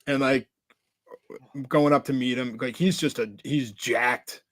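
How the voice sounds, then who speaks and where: A man's voice: mid-range voice, steady tone, unhurried, fairly bright tone, dry recording. A man co-hosting a podcast, telling stories in a rambling casual chat full of "like" and restarts. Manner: rambling storyteller, many filler "like"s and restarts. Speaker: podcast co-host.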